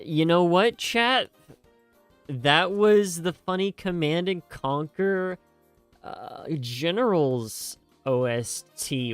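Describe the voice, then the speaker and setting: Young male streamer, casual rambly chatter, smooth clear tone, dry close sound with faint music underneath. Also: on the high side, a bit bright, dry recording. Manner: rambling, jokey, self-mocking, many fillers and restarts. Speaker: streamer reacting to game music. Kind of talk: casual live-stream chat.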